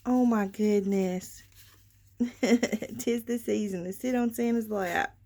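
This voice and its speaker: A woman hosting a craft vlog, gushing excitedly over items and talking straight to her viewers in a casual show-and-tell style. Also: medium pitch, slow pace, creaky. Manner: gushing, excitable, frequent gasps and exclamations; addresses viewers as y'all. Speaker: craft channel host.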